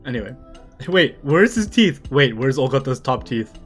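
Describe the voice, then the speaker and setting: A man's voice: mid-range voice, very animated, moderate pace, a bit bright. Male streamer, casual manga read-along, laughs a lot, Japanese lines then English translations, faint background music.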